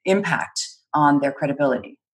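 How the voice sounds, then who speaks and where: A woman trainer in an interview, explaining clearly and articulately, often laughing lightly. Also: sits low, normal speed. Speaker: guest, speech and credibility trainer. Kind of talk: interview answers.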